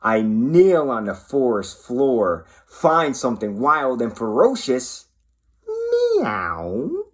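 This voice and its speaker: Slow, animated read-aloud man. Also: mid-range voice. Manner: slow, very expressive storytelling. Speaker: police officer reading to schoolchildren. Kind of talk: children's picture-book read-aloud.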